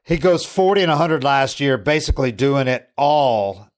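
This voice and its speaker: Male sports podcast host, rambling casual delivery, mid-pitched voice, retells quotes. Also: animated, moderate pace. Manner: rambling, with frequent restarts and quoted asides.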